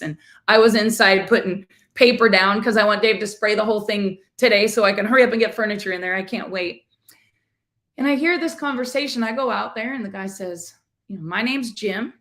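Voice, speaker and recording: A middle-aged woman and life coach, chatting casually as she retells a story and acts out the people in it. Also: mid-range voice. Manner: chatty, animated retelling with quoted voices.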